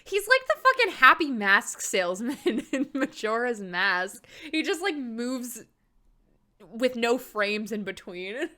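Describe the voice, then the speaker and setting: Bright, slow-talking woman gamer. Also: a little high. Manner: excitable, swears freely, laughs often. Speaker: let's play gamer. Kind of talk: gameplay commentary, reading dialogue aloud. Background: faint game music.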